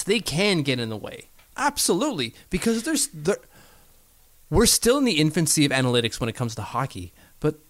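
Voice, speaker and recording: A man's voice: mid-range voice, a bit bright, no room sound. A man co-hosting a casual sports podcast, chatty and rambling, often restarting his sentences. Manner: chatty, rambling, self-correcting. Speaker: podcast co-host.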